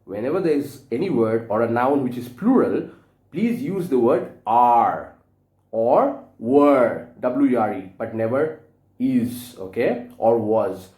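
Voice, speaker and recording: A man teaches grammar to young children, spelling out words and coaxing them to repeat after him. His voice is mellow but very lively in pitch. The sound carries the echo of a bare room. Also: takes it slowly.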